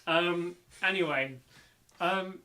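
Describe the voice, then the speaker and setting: A man's voice: high-pitched, slow. A young man co-hosting a podcast from England, recapping an episode in casual, jokey chat. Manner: chatty, jokey, breaks into loud mock voices. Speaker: podcast co-host.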